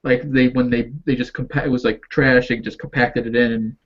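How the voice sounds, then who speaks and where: A man's voice: mid-range voice, level tone, fairly quick, highs cut off. A man with a New York accent, co-hosting a casual discussion on a video call, talking hesitantly and repeating his words. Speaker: co-host.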